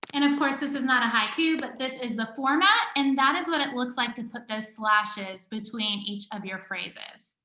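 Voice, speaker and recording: A woman's voice: high voice, bright, forceful tone, reverberant. A woman educator leading an online teaching workshop over a video call, explaining step by step in a patient way.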